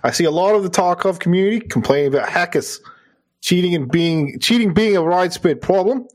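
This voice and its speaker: A man's voice: sits high, animated, a little fast, pitched above the performer's own voice. A man putting on a cheery Aussie listener. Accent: Australian (put on). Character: cheerful young Australian male podcast listener. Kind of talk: reading a listener letter aloud.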